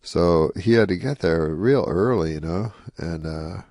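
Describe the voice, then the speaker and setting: Fifties man from Canada, wry rambling storyteller, deep voice with fry, dry close sound. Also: a little slow, a little mellow, no echo. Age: 50s. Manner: rambling, wry, full of asides. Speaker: interview guest, comedian. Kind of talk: casual anecdotal storytelling.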